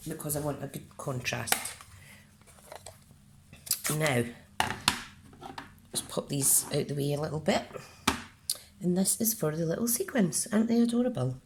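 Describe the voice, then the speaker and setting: Slow, low-voiced Scottish woman crafting. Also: heavy background noise. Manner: chatty, talks herself through each step. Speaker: card-making demonstrator. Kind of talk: casual crafting tutorial.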